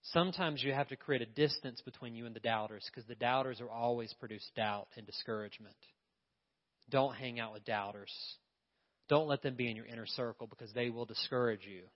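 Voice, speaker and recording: A male pastor preaches a sermon in a church sanctuary, speaking emphatically and frequently posing questions to the congregation. His voice is medium-pitched and fairly quick. The audio has a long reverb and a dull, lo-fi quality.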